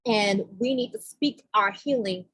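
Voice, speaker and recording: A woman's voice: mid-range voice, unhurried, fairly bright tone, breathy edge, no echo, rough recording. A woman chatting on a group call, talking aloud while she searches for something to share. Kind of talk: casual chat on a group call.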